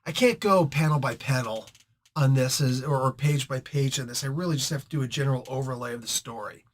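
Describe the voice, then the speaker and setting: A man hosting a casual comic book review, chatty and excitable, rambling between thoughts. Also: mid-range voice, brisk.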